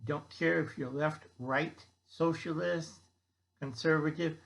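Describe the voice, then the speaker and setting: Slow, blunt ranting man. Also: on the high side, steady tone, gravelly, low-quality recording. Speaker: channel host. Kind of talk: rambling monologue.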